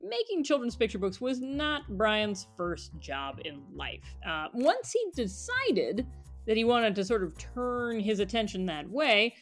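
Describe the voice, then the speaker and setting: Casual male co-host, chatty with frequent laughs, very lively intonation. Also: high-pitched, unhurried, faint music behind. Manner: chatty, animated, laughs often. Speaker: podcast co-host. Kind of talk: casual chat about picture books.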